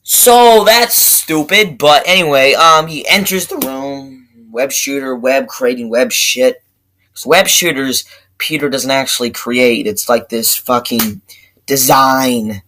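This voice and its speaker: A young man talks through a movie review in a loose, rambling rant, swearing at every turn and tripping over his own restarts. His voice is bright and forceful, with a middling pitch. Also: measured pace, a little hiss or hum, rough recording. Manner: profane, excitable, rambling with many fillers and restarts.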